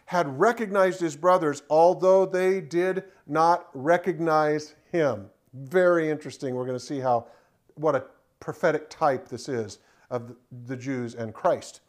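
A man's voice: fairly high pitch, a little slow. A man leading a Bible study, reading scripture aloud and commenting in a conversational way with frequent fillers. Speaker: Bible teacher.

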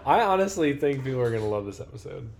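A man's voice: medium pitch, big pitch swings, fast, creaky, darkish tone. A man co-hosting a podcast, chatting casually about football in a laid-back way with short reactions. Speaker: podcast co-host. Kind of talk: casual sports chat while watching a game.

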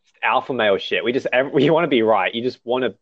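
A man's voice: medium pitch, fast talker, a bit bright, no echo, lo-fi sound. A man chatting casually, laid-back and swearing, saying "dude" and "bro". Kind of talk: casual chat.

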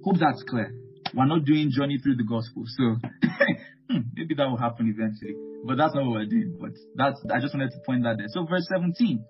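A man's voice: mid-range voice, moderate pace. A man preaching a Bible teaching sermon, emphatic and repeating key phrases, often calling out amen. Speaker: pastor. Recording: muffled lo-fi with guitar music.

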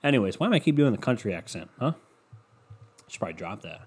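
A man hosting a casual monologue, swearing constantly and rambling from one story to the next, with sudden high-pitched outbursts. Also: sing-song, a little fast, slightly rough.

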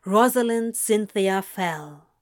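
A woman voicing a blunt, grumbling husband and new father, louder and with a shifted tone. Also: sits high, expressive, slow. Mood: gruff.

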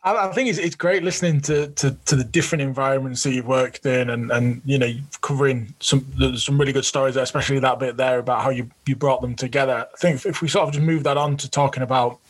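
A man co-hosting a coaching podcast, leading into a question in a quick, rambling way. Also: mid-range voice, steady tone, slightly rough, rough recording. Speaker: podcast co-host. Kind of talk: casual interview questions.

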